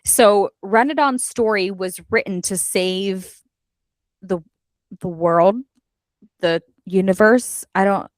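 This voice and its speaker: A woman's voice: mid-range voice, takes it slowly, no room sound. A woman hosting a book club podcast, chatting casually with many fillers as she recaps a story and acts out character lines.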